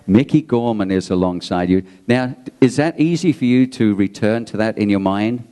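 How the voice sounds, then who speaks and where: A man's voice: lowish voice, expressive, moderate pace, dark tone, smooth. A man interviewing a guest, telling anecdotes and praising people in a conversational way.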